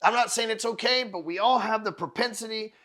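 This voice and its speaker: A man's voice: high-pitched, a little fast, pushed and bright. A man hosting a podcast, giving a blunt, profane motivational monologue that circles back on its points. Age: adult parent of four. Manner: emphatic, profane, repeats words while building a point. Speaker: podcast host.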